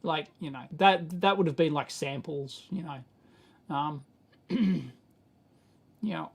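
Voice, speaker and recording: A man's voice: on the high side, slow pace, vocal fry, husky. A middle-aged Australian man hosting a casual electronics livestream, rambling and exasperated, chuckling as he answers the chat.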